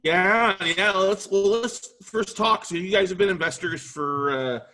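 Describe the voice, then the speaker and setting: A man's voice: high voice, a little slow, bright, forceful tone. A man hosting a podcast interview, enthusiastic and chatty, with lots of "uh" and "you guys". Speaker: podcast host.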